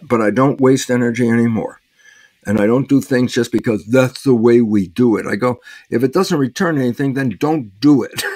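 An older man, a guest in an interview, explaining ideas in a lively storytelling way, acting out little dialogues and chuckling often. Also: medium pitch, dry recording. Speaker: interview guest, biologist and author. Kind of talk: conversational explaining.

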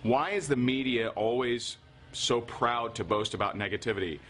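A man's voice: mid-range voice, normal speed, a bit bright, a little hiss or hum. A man hosting his own show, talking casually to viewers and often asking "right?". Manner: chatty, keeps asking "right?"; frequent fillers and restarts. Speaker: show host.

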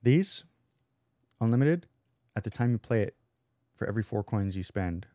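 Dark-toned man explaining a board game. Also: lowish voice, lively intonation, moderate pace, no room sound, clean studio sound. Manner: explains card rules, playful banter. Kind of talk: casual chat at a game table. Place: indoors at a table.

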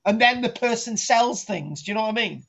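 A man's voice: sits high, lively intonation, brisk, fairly bright tone. Guy rambling through a jokey archaeology class, keeps saying right, dull lo-fi sound. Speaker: archaeology teacher. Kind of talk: comic online lecture.

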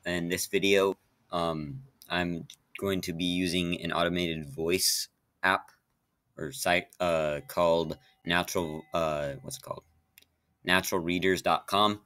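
Low-voiced guy chatting in a casual vlog. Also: fairly even intonation, unhurried, fairly bright tone, no echo. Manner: rambling, many fillers and restarts. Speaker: YouTuber.

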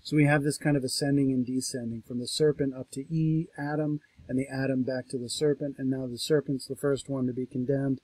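A man lecturing on a scripture passage, reading verses aloud in a raised, slower voice and then explaining them casually, thinking aloud with restarts and asides. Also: mid-range voice, flat delivery. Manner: reads quoted verses louder and slower, then explains conversationally. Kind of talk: reading and commenting on a text.

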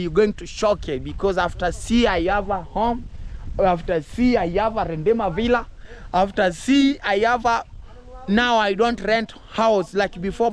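A man with a Kenyan accent vlogging outdoors in a village, talking excitedly and rambling, mixing English and Swahili and laughing often. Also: high-pitched. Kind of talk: casual vlog talk to camera.

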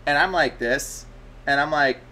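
A young man tells a story in casual chat, animated and full of filler words. His voice has a bright, forceful edge. A faint hiss sits behind it. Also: on the high side, measured pace. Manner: animated, many "like" fillers, acts out his own quotes. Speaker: podcast co-host.

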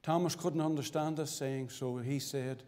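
A man from Northern Ireland giving his testimony as a sermon, with fervent preaching that swings sharply between loud and hushed. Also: medium pitch, fairly even intonation, normal speed. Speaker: testimony speaker at a church. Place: church hall. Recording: church recording with long reverb.

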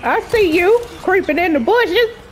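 Woman gaming YouTuber, high voice with wide swings, slangy and jumpy, unhurried pace. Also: expressive. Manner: jumpy, exclaiming and laughing nervously; chatty and slangy, addressing viewers as y'all. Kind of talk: casual gameplay commentary.

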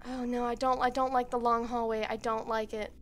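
A young woman streamer giving quiet, nervous, rambling let's-play commentary at home into a headset mic. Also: fairly high pitch, little pitch movement, brisk, a little hiss or hum.

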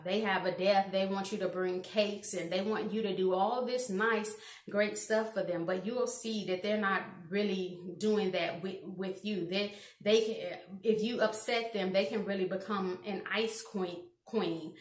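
Woman vlogger with a roomy echo. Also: medium pitch. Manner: earnest, rambling with restarts. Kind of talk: casual advice talk to camera.

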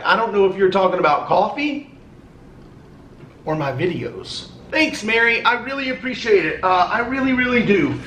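A man opens fan mail on a casual vlog, his high, slightly bright voice very animated at a normal speed. He chats and rambles, swearing now and then, in an echoey room.

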